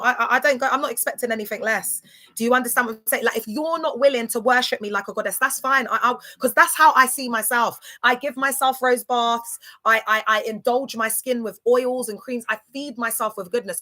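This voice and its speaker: A sassy woman chats to her livestream viewers in a slightly high, bright, forceful voice. She talks emphatically, stumbling and repeating words as she goes. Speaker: live streamer. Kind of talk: casual livestream chat.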